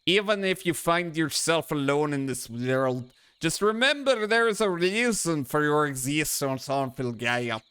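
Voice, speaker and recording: Dude voicing a grave, guilty mentor dad from a game, slow and heavy. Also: male voice, a little high, lively intonation, fairly bright tone, smooth, no room sound. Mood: solemn. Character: grave middle-aged father, guilt-ridden mentor.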